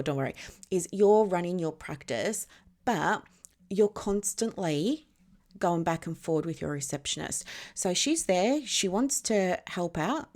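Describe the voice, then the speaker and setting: Woman mentor, low register, chatty teaching delivery, leans on analogies and comprehension checks. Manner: explains through extended analogies, often checks if listeners follow. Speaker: business mentor. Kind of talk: casual teaching monologue.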